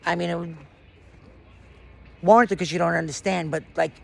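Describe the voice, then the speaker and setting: Man, high voice, gravelly, distressed rambling monologue, crude language. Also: steady tone, moderate pace. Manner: profane. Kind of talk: raw personal monologue.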